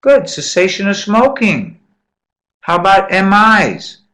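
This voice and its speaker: A man's voice: high voice, sing-song, slow pace, sharp tone. A man lecturing medical students in a classroom, quizzing them, repeating key points and encouraging answers.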